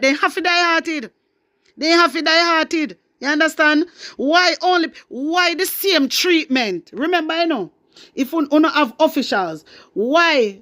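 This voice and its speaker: High-voiced Jamaican woman ranting. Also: fairly bright tone. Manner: indignant, passionate, fast patois rant. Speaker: vlogger. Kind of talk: ranting commentary vlog.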